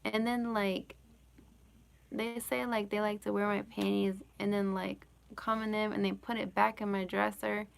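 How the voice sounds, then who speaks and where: A woman's voice: medium pitch, little pitch movement, moderate pace, gravelly, a little hiss or hum. A woman hosting a casual live Q&A from home, rambling with lots of "like" and "you know" and giggling often. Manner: giggles often while talking. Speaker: live-stream host answering chat questions.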